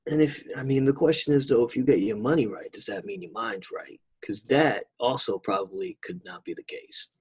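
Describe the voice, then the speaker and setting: Husky New man chatting casually. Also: medium pitch, moderate pace, hardly any pauses, a little mellow. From New York. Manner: laid-back, rambling, swears freely. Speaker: podcast co-host. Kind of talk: casual chat.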